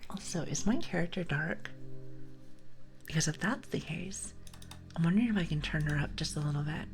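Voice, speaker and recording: Low soft-whispering woman chatting with viewers. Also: moderate pace, faint music behind. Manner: chatty, giggly, rambling, greets viewers. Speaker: ASMR streamer. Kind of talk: whispered ASMR livestream chat.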